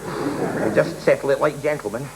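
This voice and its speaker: A man's voice: mid-range voice, moderate pace, creaky, natural voice. An actor playing an indignant, bigoted middle-aged husband who rants at his wife in a TV sketch. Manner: indignant ranting. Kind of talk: 1980s TV sketch comedy. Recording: noisy old TV broadcast.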